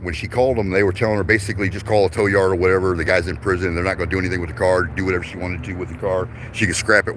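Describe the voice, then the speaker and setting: A man's voice: low-pitched, noisy background. A man telling a long casual story, rambling and profane, chuckling between lines. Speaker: vlogger.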